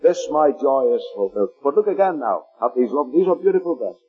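A man from Liverpool, England, with a Liverpool accent, preaching a fervent sermon and slowing down to read scripture aloud. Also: mid-range voice, sing-song, breathy edge, narrow, tinny audio, faint music behind.

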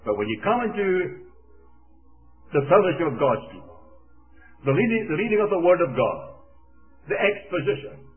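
A man's voice: fairly high pitch, sing-song, moderate pace, pauses often. An older man with a Scottish accent, preaching a sermon and telling a wartime story, acting out the dialogue. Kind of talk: sermon with personal war story. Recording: tinny phone-like line.

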